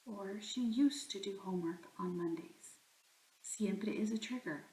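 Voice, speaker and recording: A woman's voice: medium pitch, a little slow, dark tone, roomy sound, low-quality recording. A woman teaching a recorded grammar lesson, explaining patiently step by step. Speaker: Spanish teacher.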